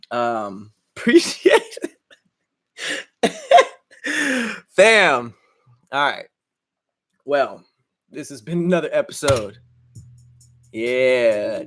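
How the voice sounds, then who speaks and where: A man's voice: mid-range voice, a bit bright. Crude, boastful young male podcast host. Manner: crude, boastful and joking, laughs at himself. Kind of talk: casual livestream chat and freestyle rap.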